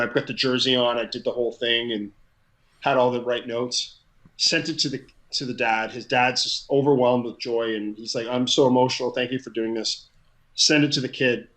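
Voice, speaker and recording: A man's voice: medium pitch, a bit bright, rough recording. A middle-aged man, a guest on an interview show, tells a story casually and with energy, often repeating words as he gets going. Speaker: guest, crowd hype man.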